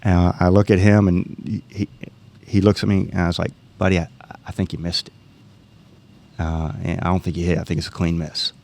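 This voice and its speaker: A man's voice: sits low, a little fast, vocal fry. A middle-aged man, casually telling a hunting story and acting out the dialogue. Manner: animated storyteller, acts out quoted dialogue.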